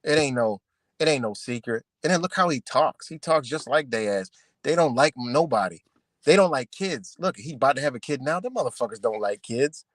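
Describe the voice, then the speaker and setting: A man's voice: mid-range voice, expressive, fairly quick, no room sound. Profane, heated man ranting live. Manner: profane, confrontational, repetitive. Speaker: livestream host. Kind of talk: heated livestream rant.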